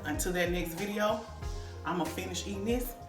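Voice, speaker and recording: Low-voiced chatty woman cooking host. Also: a little fast, over music. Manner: chatty, savoring aloud with lots of hums and "y'all". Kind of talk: casual cooking vlog, tasting food on camera. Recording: echoey room with faint noise.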